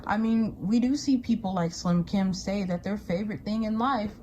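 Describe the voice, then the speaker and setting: A woman hosting an opinion commentary video, speaking in a measured way. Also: medium pitch, warm tone, a little hiss or hum. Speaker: commentary host.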